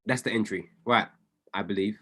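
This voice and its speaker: A man, a trading coach talking casually through trades on screen, excitable and often correcting and apologizing to himself. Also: fairly low pitch, moderate pace, breathy edge. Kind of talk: casual commentary while reviewing trades on screen.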